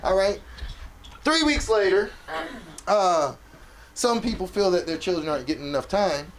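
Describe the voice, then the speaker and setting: A man doing open mic stand-up, telling a profane story and shouting when he acts out angry parents. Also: high voice, animated, moderate pace. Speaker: stand-up comic. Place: comedy club stage. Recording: noisy club crowd. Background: audience reactions.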